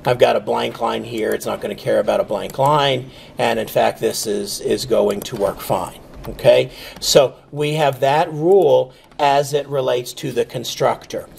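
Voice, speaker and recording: A man teaching programming in a relaxed, screen-recorded lecture, thinking aloud with fillers and checking in with "okay?". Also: mid-range voice, a little slow, gravelly, few pauses, slight background noise. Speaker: programming instructor.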